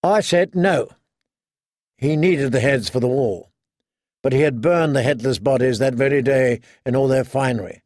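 A man reading a fantasy story aloud in measured, dramatic narration. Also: medium pitch, a little mellow, dry recording, studio quality. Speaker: audiobook narrator. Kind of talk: scripted narration.

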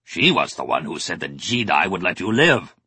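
A man voicing a stern, zealous alien war master who speaks in a commanding, measured way in an audiobook. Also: low voice, big pitch swings, pushed and bright, breathy edge, no echo, exaggerated voice.

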